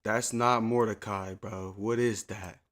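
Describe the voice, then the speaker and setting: A man's voice: lowish voice, fairly even intonation, unhurried, fairly bright tone. A man streaming a game, chatting to his viewers in a rambling, profane, laid-back way. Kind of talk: casual live-stream chat.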